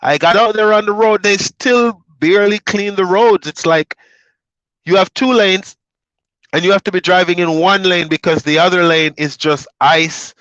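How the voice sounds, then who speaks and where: A man's voice: sits high, no echo, lo-fi sound. A man from Jamaica who drives trucks, chatting casually to his viewers and rambling through road stories with plenty of fillers. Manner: relaxed, rambling storytelling with fillers.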